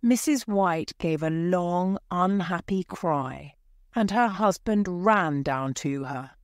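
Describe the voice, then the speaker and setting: A woman reads a story aloud in a clear, deliberate way for English learners. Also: fairly low pitch, no echo, studio quality.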